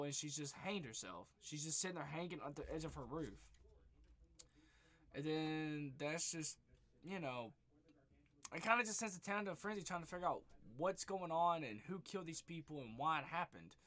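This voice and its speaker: A young man talks through a movie in a loose, rambling way, stringing thoughts together with "just" and "like" and swearing freely. His voice sits a little high and sounds bright and forward. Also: lively intonation, normal speed. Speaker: movie reviewer. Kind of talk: casual spoiler recap.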